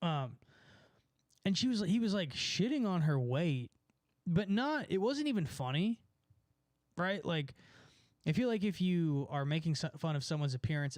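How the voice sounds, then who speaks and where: A man's voice: fairly high pitch, no echo. A young man from California in a casual, sarcastic rant, mocking people and laughing at his own points. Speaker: streamer. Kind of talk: casual ranting chat.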